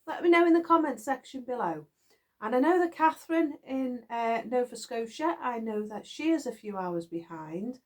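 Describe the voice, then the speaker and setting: A middle-aged British woman chatting away to her viewers in a rambling, giggly way. Her voice sits a little high and swings widely in pitch. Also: expressive, normal speed, darkish tone. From United Kingdom. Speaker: knitting vlogger. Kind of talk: casual chat to viewers. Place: garden shed.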